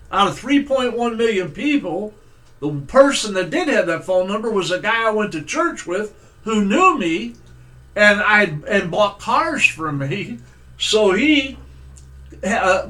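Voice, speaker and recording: A middle-aged man with a notably high voice delivers a sermon as an unhurried personal story. He talks in a folksy, conversational way, stopping on fillers before driving home his point. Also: bright, forceful tone. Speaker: preacher.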